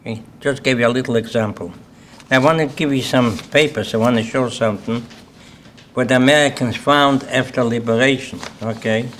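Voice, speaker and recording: Older man, Lithuanian accent, survivor telling his story to an audience, plain-spoken, often asks "okay?", middle-pitched voice, faint hiss behind. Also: fairly even intonation, moderate pace, fairly bright tone. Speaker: Holocaust survivor speaker. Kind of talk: personal testimony talk. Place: symposium hall.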